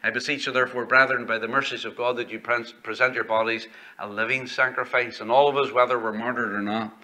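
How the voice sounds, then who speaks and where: A man's voice: medium pitch, fairly even intonation, fast talker, sharp tone. A male pastor preaching a sermon in a church, reading scripture aloud and building emphasis as he goes. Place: church sanctuary.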